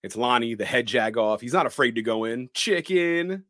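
A man's voice: mid-range voice, flat delivery, a little fast, a bit bright, dry recording, clean studio sound. A man co-hosting a podcast, recapping a movie scene by scene and acting out the characters' lines. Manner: narrates scenes dramatically, quoting characters in shifted voices. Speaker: podcast co-host.

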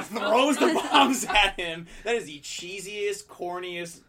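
A man co-hosting a casual podcast, chatting about a movie with quick remarks and easy laughter. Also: high-pitched, a loud crowd. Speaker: podcast co-host. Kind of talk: casual movie recap chat.

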